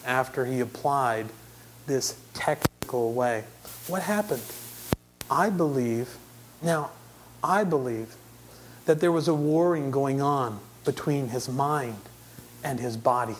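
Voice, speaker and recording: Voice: medium pitch, slight background noise. Preacher telling a story in a sermon, chatty, lots of asides, voice goes up and down to stress points. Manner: conversational, with frequent self-corrections and asides.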